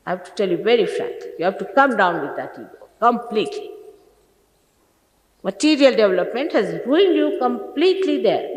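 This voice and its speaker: A woman's voice: mid-range voice, long reverb tail, poor audio. A woman in her sixties, a spiritual teacher sternly scolding a gathering of followers with exasperated rhetorical questions, on an archival talk recording. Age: 60s.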